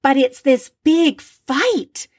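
Woman, casual storyteller, animated, voices the people in her story, dry mic. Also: high-pitched, drawn-out words, dry recording. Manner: animated retelling, acts out quoted voices. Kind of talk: casual chat.

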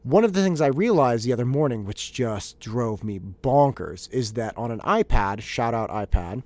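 A man telling a story from home life in a casual monologue, animated and exasperated, laughing at himself and often restarting his sentences. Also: medium pitch, moderate pace, no room sound. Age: adult father of young children. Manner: animated, exasperated and self-mocking, with frequent restarts. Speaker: podcast host.

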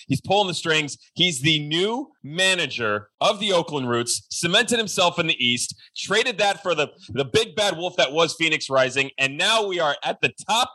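A man hosting a sports podcast, talking in a loud, energetic hype-man style. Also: a little high, moderate pace, few pauses. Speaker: podcast host. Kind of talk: hyped-up casual interview.

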